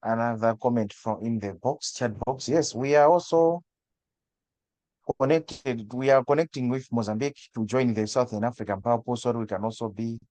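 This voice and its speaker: A man's voice: mid-range voice, normal speed, darkish tone, dry recording. Malawian man explaining energy plans. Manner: explanatory, with restarts and stammers. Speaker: energy sector guest speaker. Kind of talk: webinar discussion.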